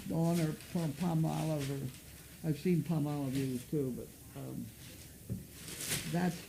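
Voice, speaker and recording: A woman's voice: deep voice, vocal fry, background noise. An older woman chatting casually at home as host, answering messages and breaking off to talk to her dog. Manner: chatty, talks to her dog in a sing-song voice. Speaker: host reading viewer messages.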